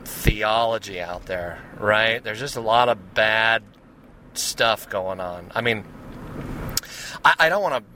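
Slow and forceful, with a bright tone in a lower register, a Seattle-area American man rambles through his podcast, chatting loosely, veering into tangents and leaning on fillers. The low-quality recording carries a bit of hiss or hum.

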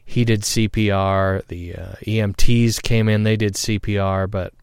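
A middle-aged man telling a personal story in a halting, reflective way, pausing often and getting loud at tense points. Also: on the low side, clear, resonant tone, no echo, studio quality. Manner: halting, reflective, with many pauses and fillers; grows loud and excited when recounting tense moments.

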